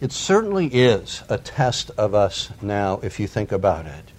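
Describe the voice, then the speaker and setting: A man's voice: on the low side, big pitch swings, unhurried, darkish tone. A man preaching a sermon. He reads scripture aloud with rising emphasis, then explains it plainly to his listeners. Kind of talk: sermon, Bible reading and commentary.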